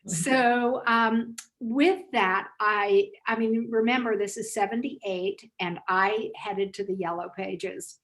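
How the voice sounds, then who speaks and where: An older woman recounts her early days in business with lively energy and an easy laugh. She speaks over a video call. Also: mid-range voice, slow, few pauses, poor audio. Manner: lively, laughs while telling anecdotes. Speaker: author and business founder, guest. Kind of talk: storytelling interview answers.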